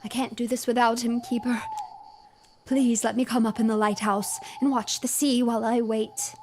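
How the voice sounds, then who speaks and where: A woman's voice: on the high side, flat delivery, normal speed, darkish tone, slight background noise, lightly acted. A woman voicing a grieving old father, a former sea-hardened sailor, in a weary, pleading way.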